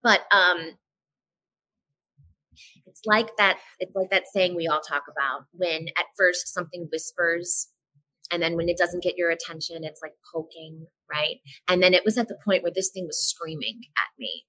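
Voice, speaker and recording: Bright-voiced woman telling her story. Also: lowish voice, low-quality recording. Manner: animated, acts out dialogue in quick voices; frank, swears casually. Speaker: podcast guest. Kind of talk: candid personal storytelling in a casual podcast chat.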